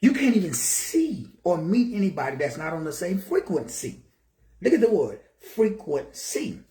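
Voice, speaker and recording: An older man from Texas delivers a motivational talk in his office, asking rhetorical question after rhetorical question and calling out viewers by name. His voice sits fairly high for a man. The room is echoey around him. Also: very animated, normal speed, dark tone, slight background noise. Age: 60s. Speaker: motivational speaker.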